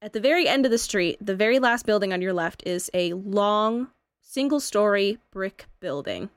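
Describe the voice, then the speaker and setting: Smooth-voiced woman game master. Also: medium pitch, animated, dry recording. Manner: halting narration with many fillers. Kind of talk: narrating a tabletop game.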